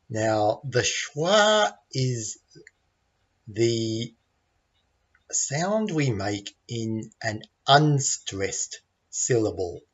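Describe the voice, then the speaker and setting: A man with an Australian accent teaching English pronunciation in a patient, deliberate way and demonstrating the sounds he explains. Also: lowish voice, breathy edge, highs cut off. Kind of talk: slow, deliberate teaching lesson.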